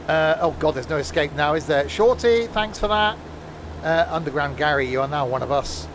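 A man's voice: a little high, normal speed, gravelly, music in the background. A man casually commentating a train simulator game live, joking and teasing his chat. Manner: joking, chatty, teasing viewers. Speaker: streamer playing a train simulator.

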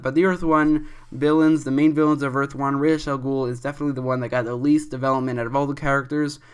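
Young male commentator, smooth resonant voice, rambling opinionated delivery. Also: mid-range voice, a bit bright. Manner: rambling, restarts often, opinionated. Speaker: commentary video host.

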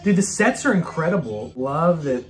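A man's voice: on the high side, lively intonation, moderate pace. A man co-hosting a podcast in casual chat, giving short enthusiastic reactions. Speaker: podcast co-host.

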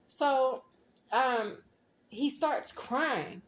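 A woman's voice: sits high, expressive, extremely slow, fairly bright tone. A woman in a casual tarot reading vlog, telling a dream and rambling, often checking in with "okay?" and "right?". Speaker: tarot reader.

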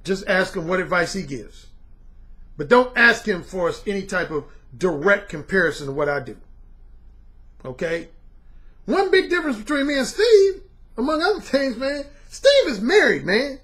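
A man's voice: high voice, big pitch swings, normal speed, a bit bright. A middle-aged man and dating coach talking bluntly and casually to his viewers, dropping "man" and slang as he goes. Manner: blunt, colloquial, repeats "man".

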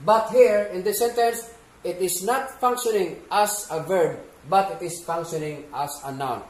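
Slow, high-voiced Filipino teacher. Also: male voice, a little mellow, reverberant, poor audio. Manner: methodical, repeats key points, mixes Tagalog into English. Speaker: English teacher. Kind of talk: slow classroom explanation.

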